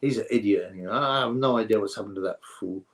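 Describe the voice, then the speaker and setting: This boxing livestream host has a lowish voice and talks quickly, wandering through viewer comments and giving blunt takes in a casual way. He's using a streaming setup mic.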